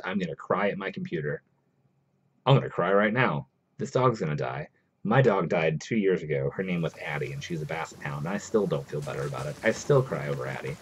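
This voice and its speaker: A man's voice: sits low, a little hiss or hum. A man chatting casually while streaming a game, reading its text aloud as he plays. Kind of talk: casual live game commentary.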